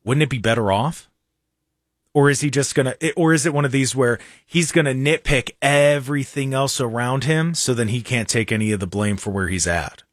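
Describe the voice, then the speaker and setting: A man's voice: medium pitch, moderate pace, no echo, clean studio sound. A man hosting a radio talk show, talking casually and sarcastically with mocking asides. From Ohio.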